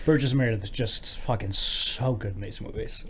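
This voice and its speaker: A man's voice: fairly low pitch, normal speed, a bit bright. A man co-hosting a casual movie podcast, eagerly chiming in and apologizing for interrupting. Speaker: podcast co-host.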